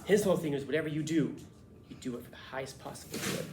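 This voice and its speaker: A man's voice: on the high side, fast. Casual storytelling male teacher. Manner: casual, lively, swears and jokes. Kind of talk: storytelling to a class. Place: classroom. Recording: echoey classroom, faint noise.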